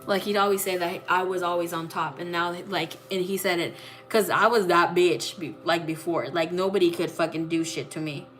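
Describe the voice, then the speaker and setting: A low-voiced woman reads tarot as a psychic and tells a personal story casually. She is blunt and swears freely, with many fillers and restarts. Faint music runs underneath. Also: fairly even intonation, normal speed, a bit bright. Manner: blunt, profane, full of fillers.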